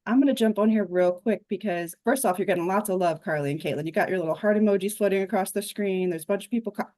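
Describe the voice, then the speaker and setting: A woman's voice: mid-range voice, quick pace, warm tone. A woman hosting a live online webinar over a video call, wrapping up in an upbeat, chatty way. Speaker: webinar host.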